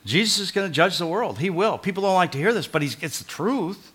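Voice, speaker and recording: Bright-voiced man preaching with emphatic swings. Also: high-pitched, lively intonation, fairly quick, slightly rough. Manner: emphatic, swings from loud proclaiming to quiet earnest pleading; conversational, repeats short phrases for emphasis. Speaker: pastor. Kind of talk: sermon.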